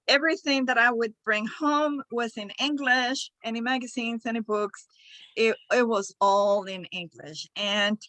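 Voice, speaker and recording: A woman with a Spanish accent tells a personal story at an unhurried, deliberate pace. Her voice is bright and slightly high, and the sound is dry and close, like a video call. She speaks earnestly and laughs often. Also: no room sound, low-quality recording. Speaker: speaker at a speaking club meeting.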